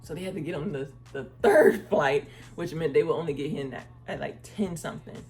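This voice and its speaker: A woman telling a casual story time vlog, acting out the people she quotes and speaking in a relaxed, chatty way. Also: low-pitched, fairly quick, faint music behind. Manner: uses "y'all" and "girl" casually. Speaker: travel vlogger.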